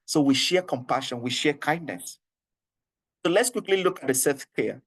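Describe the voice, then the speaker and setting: A man with a Nigerian English accent runs an online HR training, his voice sitting a little on the high side. He coaxes and repeats himself earnestly. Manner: earnest, repetitive and coaxing, with frequent laughs.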